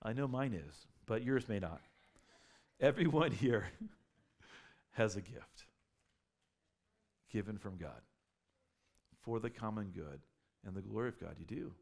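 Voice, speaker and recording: A man's voice: lowish voice, expressive, slow, creaky, long pauses, darkish tone. A man preaching a sermon as pastor, earnest and often repeating or restarting his words.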